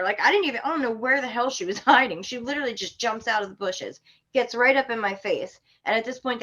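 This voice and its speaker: A woman from Florida, a podcast guest, telling a story in an animated, indignant way with sharp outbursts. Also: mid-range voice. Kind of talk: casual storytelling.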